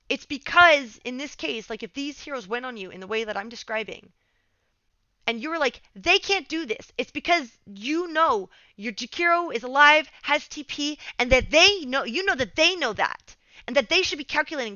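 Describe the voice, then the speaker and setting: A woman's voice: high voice, lively intonation, a little fast, sharp tone, dry recording, dull audio. A young woman giving casual game coaching over a replay, swearing often and getting heated as she rants.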